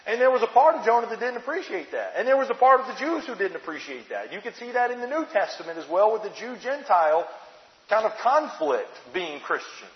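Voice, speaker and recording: A man preaching a sermon in a conversational, expressive way, asking his listeners rhetorical questions. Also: high-pitched, a little fast. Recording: muffled, echoey hall sound.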